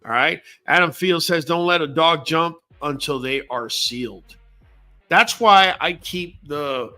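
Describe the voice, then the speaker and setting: A man's voice: mid-range voice, bright, forceful tone. A man hosting a casual livestream as a dog breeder, blunt and slangy, talking straight to his viewers.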